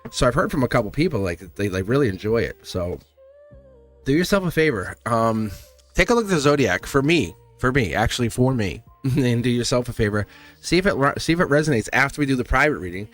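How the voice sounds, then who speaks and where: Chatty male tarot streamer over soft music. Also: medium pitch, sing-song, a little fast. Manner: rambling, encouraging, laughs often; talks straight to chat viewers. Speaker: tarot reader streaming live. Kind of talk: casual livestream chat.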